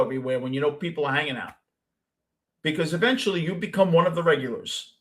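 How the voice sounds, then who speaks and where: A man's voice: fairly high pitch, quick pace, a bit bright. A man with a Brooklyn accent who hosts a show, chatting casually with a caller and telling long, rambling stories with many restarts. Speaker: host.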